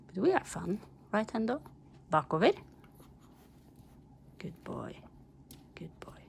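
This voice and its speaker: Slow-talking Norwegian woman coaxing her dogs. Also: deep voice, creaky, a little hiss or hum. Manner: coaxing, praising dogs, laughing often. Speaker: pet channel host. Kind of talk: casual talk to her dogs and viewers.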